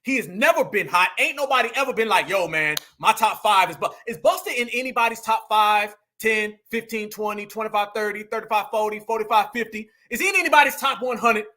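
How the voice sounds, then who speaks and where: High-pitched guy doing a heated reaction stream, mocking, talking to the chat. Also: fast talker, hardly any pauses, sharp tone. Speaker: online commentary host. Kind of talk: reaction commentary.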